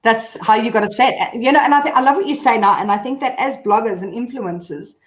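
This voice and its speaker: A woman's voice: on the high side, quick pace. A woman blogger as a guest on a casual live video chat, talking candidly in a rambling way with many fillers. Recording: echoey room.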